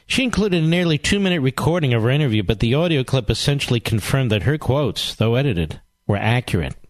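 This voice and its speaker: A man's voice: medium pitch, no room sound. Combative male talk show host. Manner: combative, sarcastic, rhetorical questions and repetition. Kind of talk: political talk radio monologue.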